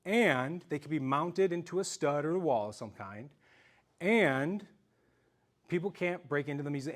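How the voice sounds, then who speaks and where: A man telling a story in an animated, self-mocking way during a talk to a live audience. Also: fairly high pitch. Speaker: speaker giving a self-defense talk.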